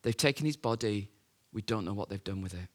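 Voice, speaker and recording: A man's voice: fairly low pitch, animated, brisk. A man preaching a sermon, telling the story in a conversational way with rhetorical questions and fillers.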